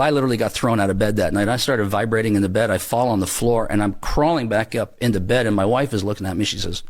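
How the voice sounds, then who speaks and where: Earnest man telling his testimony. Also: fairly low pitch. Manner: earnest, animated storytelling with restarts. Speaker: guest sharing a testimony. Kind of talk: interview storytelling.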